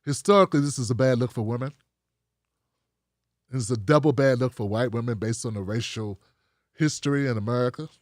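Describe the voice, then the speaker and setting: A man's voice: medium pitch, fairly quick, pauses often, dry recording, studio quality. A man hosting a livestream, giving frank, rambling commentary straight to his viewers. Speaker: show host.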